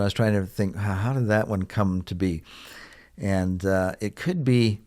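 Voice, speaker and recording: A man gives an English lesson in a somewhat low voice. He speaks slowly and deliberately, repeating example phrases so learners can follow. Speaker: English teacher.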